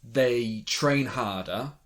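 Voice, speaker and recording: A man co-hosting a casual chat, chiming in and agreeing in a relaxed way. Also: medium pitch, extremely slow. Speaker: podcast co-host.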